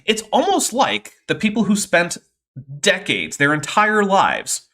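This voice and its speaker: A man's voice: sits high, wildly swooping pitch, unhurried, bright, forceful tone. A man hosting a livestream, explaining science in a casual, nerdy way with many fillers. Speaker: host.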